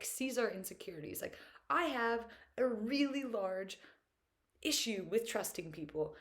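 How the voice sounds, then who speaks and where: A young woman speaks in a loose, rambling monologue, her pitch sitting in an ordinary middle range. She sounds upbeat and talkative, sprinkling fillers through every thought. There is an earnest, openly emotional streak under the cheer. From United States. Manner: chatty and upbeat, full of "like" fillers. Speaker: vlogger. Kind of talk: casual reflective monologue.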